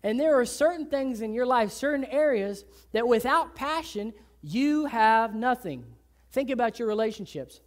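A woman pastor preaching a sermon in a church, shifting from loud emphatic lines to hushed low ones and chatting with her listeners. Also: expressive. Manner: conversational, acts out people in quick asides.

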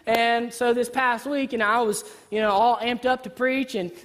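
Woman preacher, animated, joking, fairly high voice, echoing hall. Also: moderate pace. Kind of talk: sermon. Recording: reverberant hall.

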